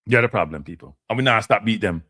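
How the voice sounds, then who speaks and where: With a lowish, expressive voice and a sharp tone, a Jamaican host talks fast through a heated live-stream rant, mixing standard English and patois.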